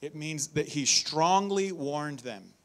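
A man preaching a conversational, animated sermon in a church, reading scripture and acting out warnings. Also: on the high side, slow.

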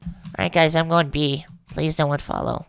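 A man doing a gravelly, defensive gamer. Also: fairly high pitch, level tone, moderate pace, a bit bright.

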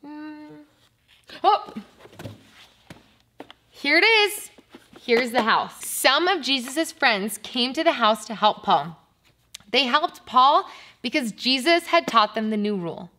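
A woman teaching a preschool Bible lesson, speaking to little children in an animated, sing-song way. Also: a little high, a little slow.

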